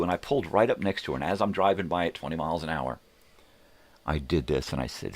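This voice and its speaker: A man's voice: rumbling low, lively intonation, a little fast, creaky, breathy edge. An older man hosting his morning show, telling heated, profanity-laced stories in a casual rant. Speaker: host of a morning live show. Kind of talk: casual ranting monologue.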